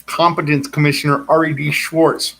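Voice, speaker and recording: A man's voice: a little high, level tone, moderate pace, creaky, fairly bright tone. A man delivering a rambling personal monologue, insistent and repetitive, circling back to the same claims again and again.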